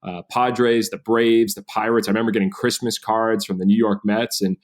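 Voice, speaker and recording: A man's voice: fairly low pitch, level tone, normal speed. A man in his thirties, a podcast guest telling his story with energy and animation. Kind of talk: storytelling interview.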